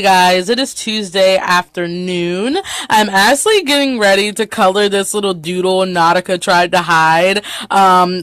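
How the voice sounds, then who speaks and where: A young woman in her twenties chatting casually to her vlog camera, talkative and easily excited, often breaking into giggles. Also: medium pitch, no echo. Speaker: vlogger.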